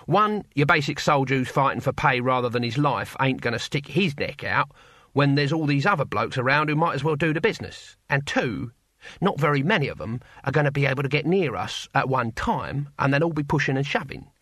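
A man's voice: medium pitch, expressive, brisk, a bit bright, dry recording, clean studio sound. A man voicing a cheerful, shrewd old barbarian leader who talks in a folksy way. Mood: hearty. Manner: hearty, folksy.

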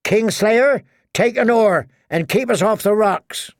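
A man's voice: high voice, slow, dry recording, studio quality, pitched above the performer's own voice. A man voicing a curt warrior woman. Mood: commanding. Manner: curt, commanding. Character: tall, determined young woman warrior.

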